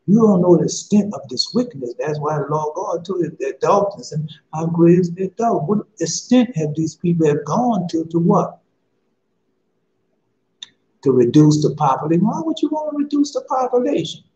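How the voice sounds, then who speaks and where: A mellow, fairly high male voice carries this passionate street sermon, pleading in a casual manner and circling back over the same lines. The audio is echoey, muffled, and a little noisy.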